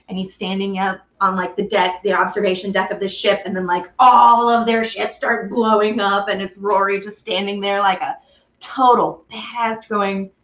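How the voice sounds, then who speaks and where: A woman's voice: mid-range voice, little pitch movement, moderate pace, fairly bright tone, muffled recording. A woman hosting a casual baking stream, chatting bubbly with viewers and a small child. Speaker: baking show host. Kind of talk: casual baking livestream chat.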